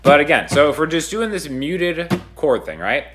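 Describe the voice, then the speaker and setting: A man's voice: a little high, big pitch swings, normal speed. A man teaching a guitar lesson in a loose, conversational way, counting beats aloud in rhythm. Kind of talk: casual video lesson. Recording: guitar music under the voice. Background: guitar playing.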